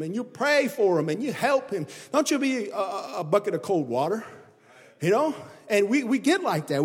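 A man preaching a sermon with emphatic delivery, swinging his pitch and volume up and down. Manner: emphatic preaching that rises and drops in pitch and loudness. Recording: long hall reverb.

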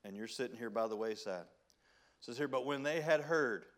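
A man preaching a sermon as pastor, with a Southern country accent, reading scripture in old-style wording and swinging between loud emphasis and hushed pleading. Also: medium pitch, moderate pace. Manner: folksy preaching, reads King James scripture.

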